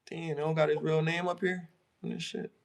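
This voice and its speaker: Excitable slangy man on a podcast. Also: fairly high pitch, a little fast, creaky. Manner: loose, excitable, slangy, swears often. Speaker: podcast co-host. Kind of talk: casual chat.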